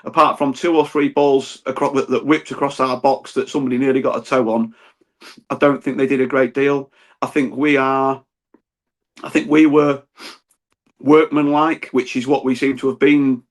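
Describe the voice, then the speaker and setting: A man co-hosts a football fan podcast, rambling through his memories of a match. He talks in a casual, self-deprecating way with restarts. His voice is an ordinary middle pitch. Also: flat delivery, moderate pace. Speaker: podcast co-host.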